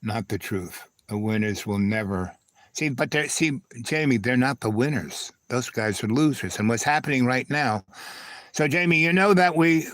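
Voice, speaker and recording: A man's voice: mid-range voice, a bit bright, dry recording. A man hosting a live stream, telling a loose, digressive personal story, peppered with "right?" and "anyway".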